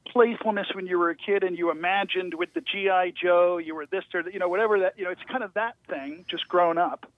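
A man, a guest actor, telling stories over the phone in a casual interview, with animated storytelling and stammering restarts. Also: sits high, fast talker, no echo. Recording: tinny phone line.

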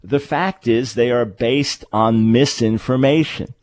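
A man's voice: medium pitch, slow, darkish tone, dry recording. A man hosting a radio talk show, explaining points in an emphatic way and correcting himself as he goes. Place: radio studio. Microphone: studio microphone.

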